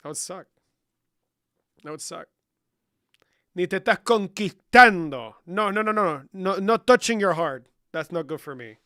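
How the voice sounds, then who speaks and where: A man's voice: high-pitched, lively intonation, moderate pace, pauses often, bright, forceful tone, dry recording, clean studio sound. A young man hosting a livestream, reading chat questions and answering with profane, joking banter. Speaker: livestream host.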